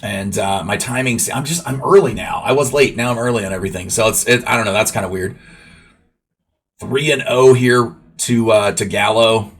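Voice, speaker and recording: A man's voice: on the low side, moderate pace. A man casually narrating his own baseball video game match, rambling play-by-play full of fillers and asides to viewers. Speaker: gaming YouTuber. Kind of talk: gameplay commentary.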